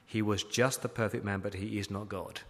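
A man's voice: fairly low pitch, steady tone, normal speed, a bit bright. Pastor guy preaching, keeps firing questions at the crowd, big hall echo. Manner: emphatic preaching with repeated rhetorical questions. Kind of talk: sermon. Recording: long hall reverb.

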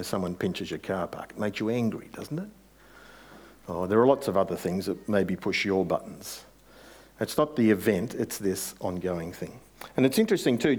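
Male pastor, low-pitched, conversational sermon delivery with building emphasis. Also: darkish tone, slightly rough.

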